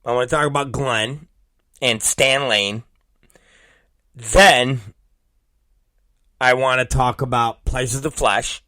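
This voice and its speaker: A man in his forties hosting a talk show, telling a crude story with repeated words and sudden shouted exclamations. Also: mid-range voice, steady tone, slow pace, pauses often, no room sound. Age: 40s. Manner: vulgar, repetitive, bursts into shouted exclamations. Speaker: podcast host. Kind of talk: crude comedic monologue.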